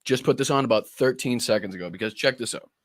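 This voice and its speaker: A man hosts a political live stream from his desk, talking loosely and cracking crude jokes as he greets the chat. His voice sits at an ordinary middle pitch. The sound is dry and close, with no room echo. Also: animated, fairly quick, creaky. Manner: rambling, joking, crude. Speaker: political livestream host. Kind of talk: casual live-stream talk.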